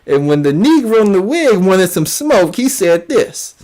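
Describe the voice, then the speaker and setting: Animated woman reacting to online drama. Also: medium pitch, measured pace. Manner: exclamatory, repeats phrases, laughs often. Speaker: commentary channel host.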